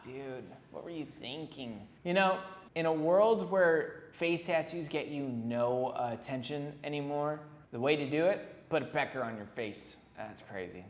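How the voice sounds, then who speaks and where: A man who is a tattoo artist, hosting a casual reaction commentary in a blunt, rambling and profane manner. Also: mid-range voice. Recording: roomy echo with long reverb, faint hiss.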